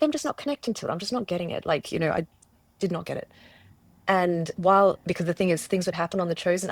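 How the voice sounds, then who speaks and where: A woman's voice: sits low, no echo. A woman from Australia telling her personal story as an interview guest, earnest and searching, often restarting and quoting herself. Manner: earnest, searching, with many restarts and self-quotes. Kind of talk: personal testimony in conversation.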